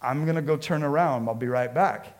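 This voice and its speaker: A man voicing his own father, a patient, steady dad gently scolding his young son. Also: medium pitch, a little fast, lightly acted. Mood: reassuring.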